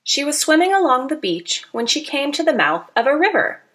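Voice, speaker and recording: Bright, expressive woman reading a storybook. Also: high voice, moderate pace. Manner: expressive, playful, teacherly asides. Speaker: narrator. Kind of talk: children's storybook narration.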